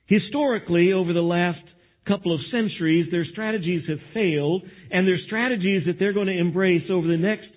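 A high, husky male voice delivers an outdoor Bible teaching beside a spring. He speaks with emphasis and stacks short phrases one after another. The sound is thin and tinny, like a phone line. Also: a little fast.

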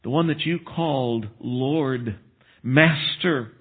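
Animated preacher man, tinny sound. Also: medium pitch, slow pace, slightly rough. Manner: animated storytelling with asides and chuckles. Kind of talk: sermon.

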